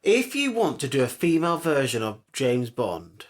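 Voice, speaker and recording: A playful male podcast co-host who teases his partner and drifts into sing-song repeats. His voice sits at a middle pitch for a man, relaxed and conversational. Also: normal speed. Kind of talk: casual chat.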